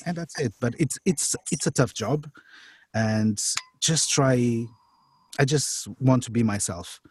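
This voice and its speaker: A man's voice: mid-range voice, takes it slowly, darkish tone, husky. A man who is a voice-over artist, chatting reflectively on a podcast roundtable and speaking with pride about the voice he brings. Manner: reflective, speaks of his own accent with pride. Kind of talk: casual podcast roundtable chat.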